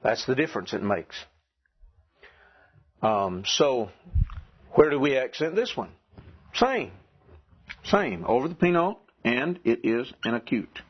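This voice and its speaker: A man teaching a classroom lesson, asking his students questions and clearing his throat now and then. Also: mid-range voice, very animated, takes it slowly, pauses often. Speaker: Greek teacher. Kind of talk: classroom lecture. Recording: dull lo-fi classroom recording.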